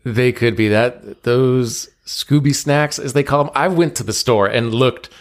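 A man's voice: mid-range voice, unhurried. A man improvising a comedy scene, ranting in exasperation and laughing at his own lines.

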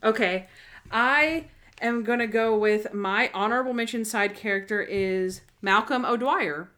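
A woman's voice: on the high side, measured pace, sharp tone. A woman co-hosting a casual podcast chat, talking with emphatic enthusiasm. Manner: enthusiastic, emphatic, retells scenes. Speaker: podcast co-host.

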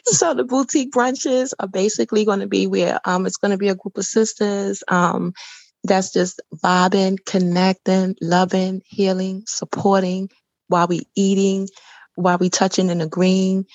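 A woman's voice: mid-range voice, steady tone, moderate pace, a little mellow, dry recording. Woman, faith podcast guest, effusive storyteller, dry room, muffled lo-fi audio. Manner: effusive storyteller, repeats herself. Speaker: podcast guest, boutique founder. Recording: dull lo-fi sound.

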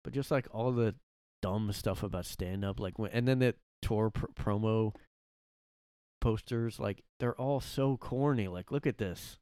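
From a room at home, a man hosts a casual solo podcast that wanders along, heavy on fillers, restarts, and self-corrections, with frequent laughter. His fairly low voice is warm and smooth at a measured pace, captured dry with studio quality.

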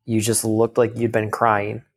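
A man's voice: lowish voice, monotone, measured pace. A man casually telling a long personal story, filling his talk with "like" and swearing now and then. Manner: rambling, heavy use of "like".

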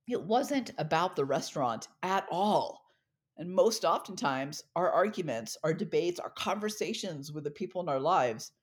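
A middle-aged woman telling a personal story in a talk, expressive and acting out the dialogue she recalls. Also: deep voice. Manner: expressive, acts out quoted dialogue. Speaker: speaker.

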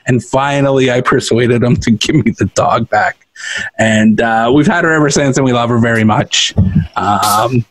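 A man's voice: medium pitch, normal speed, no echo, rough recording. A man co-hosting a podcast, animatedly telling a funny story and laughing often. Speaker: podcast co-host. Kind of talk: casual storytelling chat. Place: makeshift home studio.

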